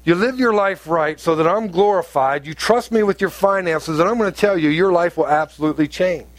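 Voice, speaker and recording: A man preaches a sermon to his congregation in a chatty, storytelling way that now and then rises to forceful emphasis. His voice sits a little high for a man. The sound is dry and close, with almost no room echo. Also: a little fast. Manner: conversational preaching, rising to emphatic outbursts. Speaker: pastor.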